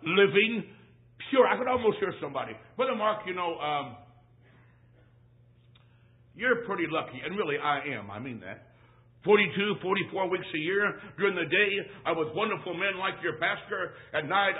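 A man with a high voice preaches in a church, mixing folksy boyhood stories with emphatic, repeated lines. The recording is thin and tinny, close to a phone line. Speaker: traveling preacher. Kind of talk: storytelling sermon.

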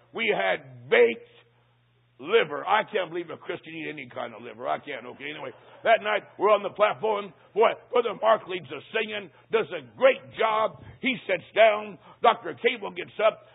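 Gravelly high-voiced preacher spinning a yarn. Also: male voice, fairly quick, few pauses. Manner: punchy comic timing, conspiratorial asides. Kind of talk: humorous sermon storytelling. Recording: tinny lo-fi line.

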